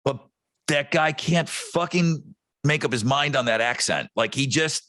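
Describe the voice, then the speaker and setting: A man co-hosting a podcast, riffing on movies in a crude, animated way and swearing often. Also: fairly high pitch, a little slow, no room sound. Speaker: podcast co-host. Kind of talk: casual chat.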